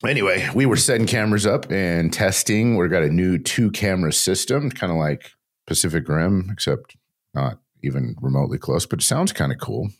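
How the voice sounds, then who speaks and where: A man's voice: low-pitched, animated. An older man hosting a casual podcast, rambling and joking, barely stopping for breath. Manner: rambling, jokey, talks without pause. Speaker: podcast host.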